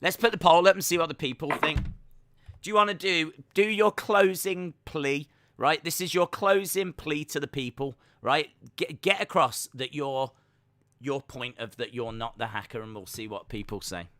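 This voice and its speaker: A man's voice: fairly high pitch, moderate pace, fairly bright tone, slight background noise. A man co-hosting a casual podcast chat over a video call, teasing and laughing often. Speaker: podcast co-host.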